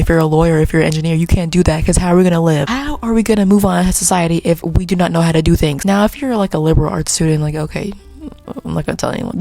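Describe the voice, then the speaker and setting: With a lowish, warm voice on a dry recording, a young woman vlogs casually to her camera. She giggles often and drifts into rambling tangents, while faint music plays in the background.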